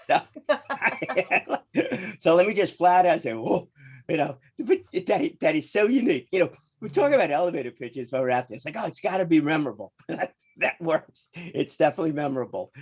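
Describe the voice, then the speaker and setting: A man's voice: a little high, darkish tone, slightly rough. A man hosting an interview show, talking in a chatty, rambling way and laughing easily. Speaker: podcast host.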